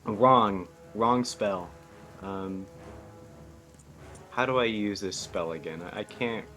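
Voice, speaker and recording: A man playing a tabletop game, talking in excitable, jokey banter. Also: fairly low pitch, slow pace, soft background music. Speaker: player. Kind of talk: casual chat.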